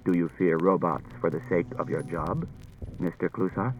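Calm humanlike robot detective, read by a man, measured and formal, low and level. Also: faint music behind.

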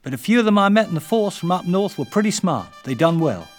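Older Englishman's take on a bigoted Southern airman, put-on drawl, pitched up, blunt delivery. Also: big pitch swings, quick pace, faint music behind. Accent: put-on American Southern, English-tinged.

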